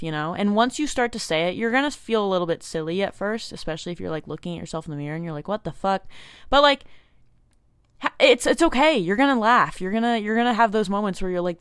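A woman's voice: medium pitch, a bit bright, clean tone, dry recording, studio quality. A young woman hosting a self-help podcast, talking earnestly and encouragingly to her listeners in a casual way, with lots of "like" and "you know". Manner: casual with many likes and you knows. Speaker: podcast host.

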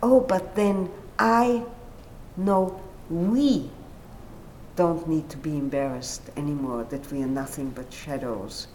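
A woman's voice: sits low, slow pace, a little mellow, slight background noise, pitched below the performer's own voice. A woman voicing an anxious, wistful man from a story, speaking in a lilting, wondering way. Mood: relieved.

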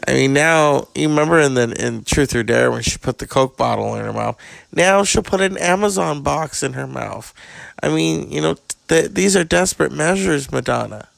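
A man's voice: on the high side, animated, moderate pace, creaky, fairly bright tone, no room sound. A man hosting a podcast, delivering a crude, sardonic comic monologue. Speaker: podcast host.

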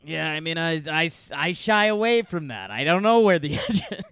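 A man casually chatting as a podcast co-host, dropping deadpan, dark one-liners. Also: fairly high pitch, moderate pace, smooth, dry recording, clean studio sound. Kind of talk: casual comedic chat.

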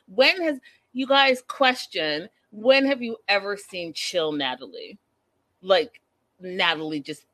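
A woman's voice: mid-range voice, fairly bright tone, no room sound. A woman recapping reality TV in a casual, gossipy chat, talking straight to her viewers and laughing often.

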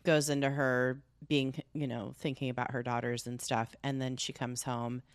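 Low-voiced woman, crude joking podcast chat. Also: little pitch movement, moderate pace, dry recording. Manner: crude, joking, rambling with many fillers. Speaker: podcast co-host. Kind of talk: casual chat recapping a book.

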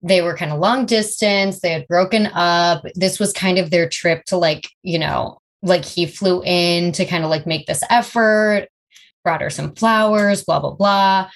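A woman in casual podcast chat, telling a friend's story in a quick gossiping way. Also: on the low side. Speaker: podcast co-host.

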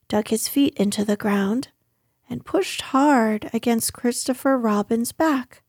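Slow, soft woman reading a storybook. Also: fairly high pitch, slightly rough, no room sound, studio quality. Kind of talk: reading a children's book aloud.

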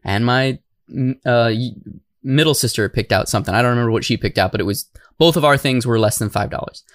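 A man from Tucson co-hosts a podcast and tells a family story in a casual, lively way, acting out the people in it. His voice sits at an ordinary pitch. The sound is dry and close. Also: fast, dry recording. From Tucson, Arizona. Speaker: podcast co-host.

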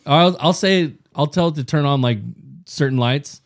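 A man hosting a podcast in casual chat, swearing freely and telling stories with excitement. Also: on the high side, moderate pace. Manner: profane, excitable storytelling. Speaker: podcast host. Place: studio.

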